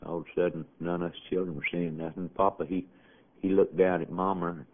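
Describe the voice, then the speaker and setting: Low-voiced Southern storyteller on old radio. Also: male voice, flat delivery, fairly quick. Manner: rambling, folksy drawl with "you know". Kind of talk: folksy monologue storytelling. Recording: tinny, band-limited old radio archive.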